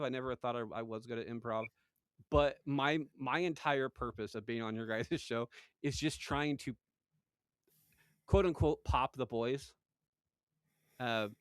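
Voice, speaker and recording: Middle-aged man, halting podcast talk, lots of restarts, dry close sound. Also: mid-range voice, a bit bright, clean tone, dry recording. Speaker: podcast host. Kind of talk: casual chat.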